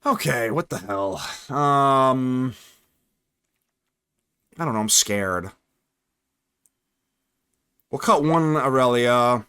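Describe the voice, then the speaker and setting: Male streamer, live gameplay commentary, very animated delivery, talks to himself as he plays. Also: medium pitch, takes it slowly, pauses often, clean tone. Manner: chatty, excitable, thinks aloud, swings from playful to worried. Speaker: card game streamer and channel host.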